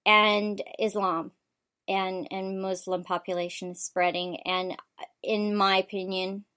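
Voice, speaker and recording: A woman hosts a political talk show from the United States, rushing through an opinionated monologue. Her talk is quick and packed with ums, uhs and restarts as she presses her points. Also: mid-range voice, flat delivery, bright, forceful tone, clear, resonant tone. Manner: rapid with frequent fillers and restarts.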